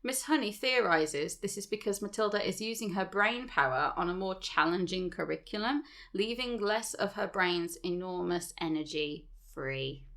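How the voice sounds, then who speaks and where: A woman's voice: lowish voice, expressive, normal speed, hardly any pauses, fairly bright tone. Chatty woman retelling a story. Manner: chatty, swears casually, laughs at her own asides. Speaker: podcast co-host. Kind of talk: casual chat retelling a story.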